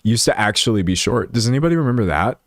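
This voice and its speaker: Speaking quickly in a lowish voice, this man from Texas runs a laid-back stream where he reacts to videos. He's animated, talks directly to chat, reads its messages out, and laughs frequently, all captured in a clean, dry studio recording.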